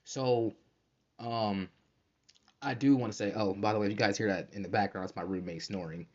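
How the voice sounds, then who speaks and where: A man's voice: fairly low pitch, fairly even intonation, moderate pace, highs cut off. A man hosting a casual solo podcast, talking in a fired-up, profane, streetwise way with lots of fillers, recorded at home at night. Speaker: podcast host. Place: bedroom at night, roommate asleep.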